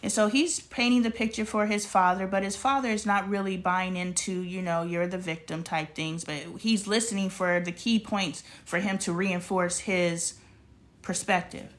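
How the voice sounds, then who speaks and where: A woman's voice: mid-range voice, fairly even intonation, normal speed. A woman vlogger telling a casual story, acting out the dialogue and adding spiritual, preachy asides.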